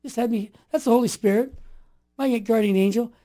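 A man in his sixties, a guest telling stories with passion and rising into forceful exhortation. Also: extremely high pitch, brisk. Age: 60s. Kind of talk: impassioned storytelling.

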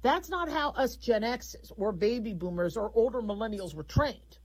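This is a middle-aged woman hosting a radio call-in show. Her voice is breathy and husky and sits a little high. She talks frankly in a loose, rambling, conversational way. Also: expressive, moderate pace, poor audio. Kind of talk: talk radio monologue.

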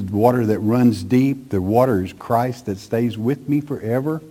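A man's voice: medium pitch, unhurried, few pauses. Folksy, emphatic man preaching a sermon. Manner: emphatic, folksy, often asks "okay?"; reads scripture loudly, drops to a soft tone for comfort. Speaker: pastor. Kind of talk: Bible-teaching sermon.

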